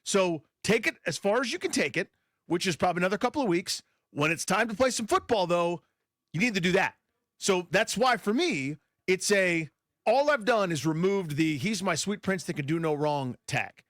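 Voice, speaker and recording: Animated high-voiced sports radio man. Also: normal speed, dry recording, studio quality. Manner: animated, argumentative, stumbles and restarts when heated. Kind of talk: sports talk radio debate.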